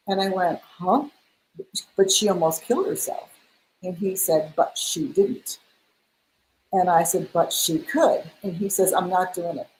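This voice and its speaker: In a rough recording, a middle-aged woman with a lowish voice tells a personal story during an interview. A spiritual mentor, she is animated and acts out the dialogue she quotes.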